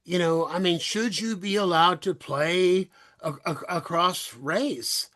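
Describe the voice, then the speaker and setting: A middle-aged man from the Bay Area hosting a podcast, telling animated stories in casual chat and laughing freely. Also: high voice, slow. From US, San Francisco Bay Area. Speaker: podcast host.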